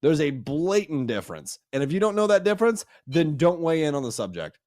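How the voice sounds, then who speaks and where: A man's voice: a little high, very animated, brisk, a little mellow, dry recording, clean studio sound. A man co-hosting a podcast, ranting emphatically with heavy swearing. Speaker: podcast co-host. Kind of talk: casual podcast chat.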